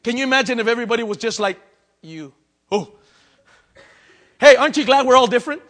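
A man preaching a sermon, swinging between loud outbursts and hushed, intimate asides. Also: extremely high pitch, brisk. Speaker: pastor.

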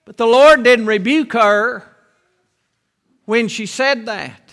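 A man preaching a sermon in an earnest way, repeating key phrases with slow, weighty pauses. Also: very high-pitched, fairly bright tone, in a large hall.

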